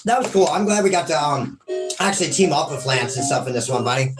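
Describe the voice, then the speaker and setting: A man hosting a let's-play, talking straight to his viewers in a loose, rambling way, full of apologies and casual cursing. His voice sits a little high for a man. Video game music plays clearly behind him. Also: lively intonation, quick pace. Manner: casual swearing. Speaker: gaming host.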